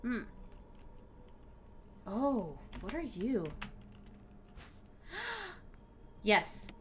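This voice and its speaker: A young woman streaming a horror game, giving excitable live commentary and talking to herself and her chat as she plays. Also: mid-range voice, very slow, a little hiss or hum. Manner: excitable, talks to herself and chat while playing.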